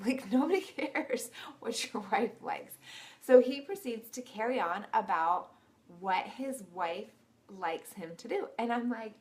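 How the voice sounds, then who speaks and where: A woman's voice: fairly high pitch, unhurried, a little mellow. A woman telling a personal story to camera in a chatty, giggly way. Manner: giggly, chatty, with frequent laughs. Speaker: vlogger. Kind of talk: casual storytelling.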